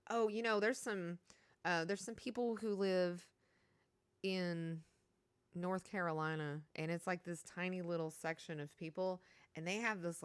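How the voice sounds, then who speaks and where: A woman's voice: fairly low pitch, fairly bright tone, no echo. A woman from Kentucky with a Kentucky accent, chatting casually on a stream and reading out chat, rambling and laughing as she talks.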